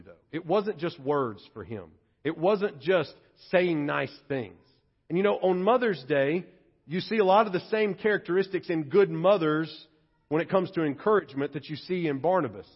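A male pastor delivering a relaxed, conversational sermon, switching now and then into playful acted voices. His voice sits high and has a husky edge. The recording sounds a little dull, like ordinary church audio. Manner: conversational, playful, acts out quotes in funny voices.

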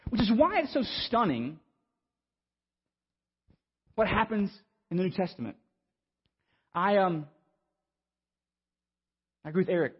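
A man, preaching a sermon and telling a story in an animated, stammering, self-mocking way. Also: sits high, a little slow, pauses often, slightly rough. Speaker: pastor. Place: church sanctuary. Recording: muffled sound with long hall reverb.

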